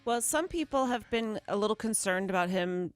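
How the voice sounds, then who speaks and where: A woman co-hosting a morning radio show, reading news items in a brisk, chatty way from a studio microphone. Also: mid-range voice, animated, soft background music. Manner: brisk newsy delivery, quick laughs. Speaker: radio co-host.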